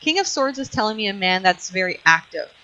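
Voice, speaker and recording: A woman's voice: mid-range voice, sing-song, a little fast, bright, forceful tone. A woman hosting a call-in psychic show, chatting casually with plenty of fillers and frequent laughs. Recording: muffled lo-fi online radio audio.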